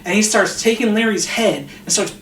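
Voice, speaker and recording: High-voiced man recapping a movie, echoey. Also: normal speed. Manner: animated retelling, acts out characters' lines, swears freely. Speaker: podcast co-host. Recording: distant echoey mic with faint noise.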